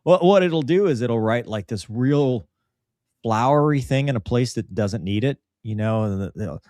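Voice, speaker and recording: A man's voice: medium pitch, animated, normal speed, dark tone, no room sound, clean studio sound. A man hosting a podcast, chatting casually and animatedly, often mimicking the voices of people he quotes. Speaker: podcast host.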